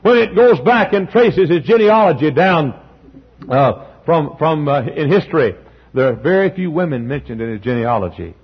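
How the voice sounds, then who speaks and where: Male pastor, gravelly, impassioned sermon delivery, muffled lo-fi church recording. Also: on the high side, animated, normal speed. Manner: impassioned preaching, swings from soft to loud, sings hymn lines. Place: church sanctuary.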